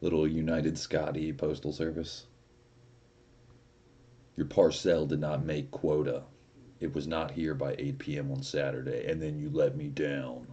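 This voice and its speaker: A man playing a stern, disappointed father scolding a mail carrier in a low, quiet voice. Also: level tone, unhurried, dull audio. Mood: mock-stern.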